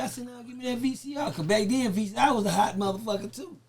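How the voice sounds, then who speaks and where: A man's voice: very high voice, fast talker, few pauses, crowd noise. A man, a podcast guest telling a profane story in casual chat and acting out the people he quotes. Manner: profane, lively, acts out the voices he quotes.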